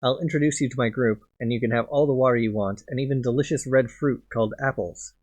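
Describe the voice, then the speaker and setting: A kind, soothing woman who leads a band of wanderers in a video game, read aloud by a man. She welcomes and reassures in a calm, gentle manner at a middling pitch. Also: fast, natural voice. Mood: warm. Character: kindly woman leading a band of travelers.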